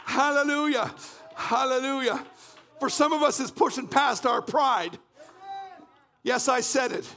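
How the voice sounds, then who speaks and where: A man from Canada preaching a fervent sermon, often shouting and repeating phrases in a church. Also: very high voice, measured pace, pauses often, a little hiss or hum. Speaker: pastor.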